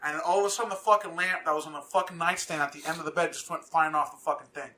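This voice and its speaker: A man co-hosting a casual podcast, telling a story in a rambling, profane way with halting restarts. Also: a little high, steady tone, pushed and bright, a little hiss or hum. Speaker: podcast co-host.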